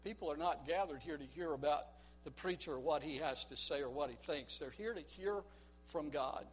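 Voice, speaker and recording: Emphatic male preacher, slightly high voice. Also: moderate pace, slight background noise. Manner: emphatic, call-and-response, storytelling. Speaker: pastor. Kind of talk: sermon. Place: church.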